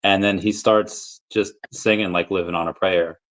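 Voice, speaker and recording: A man hosting a casual podcast interview, chatting in a relaxed conversational way. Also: sits low, moderate pace, low-quality recording. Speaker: podcast host.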